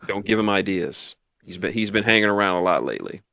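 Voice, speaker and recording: A man's voice: sits low, lively intonation, quick pace, vocal fry, sharp tone, no room sound. A man in a casual podcast chat, giving short replies and dry quips.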